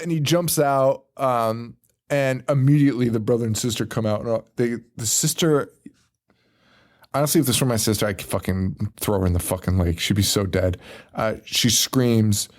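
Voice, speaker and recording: A man's voice: medium pitch, normal speed. Laughing, profane man recapping a movie. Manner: rambling, laughing, acts out lines from the film. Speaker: podcast co-host.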